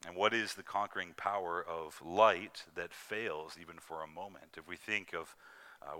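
A man preaching an earnest, emphatic sermon, slowing down to stress scripture quotes. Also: sits low, sharp tone, clear, resonant tone.

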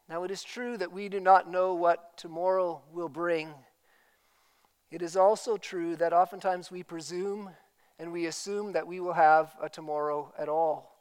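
A man's voice: high voice, steady tone, measured pace, clean tone, low-quality recording. A man preaching a sermon as pastor, emphatic and full of rhetorical questions.

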